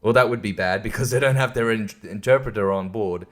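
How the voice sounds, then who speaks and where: A man's voice: lowish voice, fairly quick. A man hosting a podcast, giving a casual and profane film review rant, rambling and exasperated and stumbling over his words. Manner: stumbles and laughs between thoughts. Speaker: podcast host.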